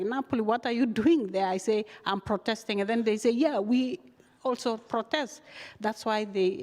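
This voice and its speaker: Woman guest, halting speech with lots of fillers, talk recorded in a hall. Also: mid-range voice. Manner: halting, many fillers, animated retelling. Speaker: guest, refugee activist. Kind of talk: casual interview storytelling. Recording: long hall reverb.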